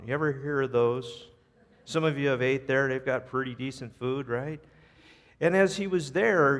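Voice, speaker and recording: An American man preaching a sermon as pastor, telling a story in an animated, storytelling manner. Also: medium pitch. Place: church sanctuary. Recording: long church reverb.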